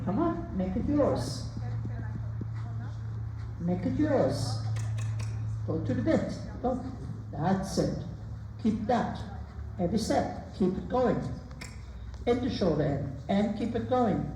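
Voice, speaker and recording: A woman giving a riding lesson, calling brisk, repeated commands and counting out the rider's strides. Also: medium pitch, background noise. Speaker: riding instructor. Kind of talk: live coaching during a riding lesson. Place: riding arena. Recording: roomy, distant sound with faint ambience.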